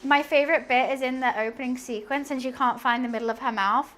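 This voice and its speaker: A woman's voice: high-pitched, steady tone, fast talker, a bit bright. A young woman chatting casually while cleaning and cooking in her home kitchen, rambling and humming to herself. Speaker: streamer.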